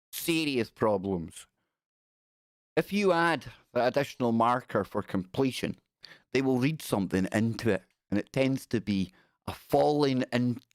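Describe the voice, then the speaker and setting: A man's voice: mid-range voice, darkish tone, no echo, clean studio sound. A middle-aged man hosting a live stream, giving sarcastic, exasperated commentary on the news.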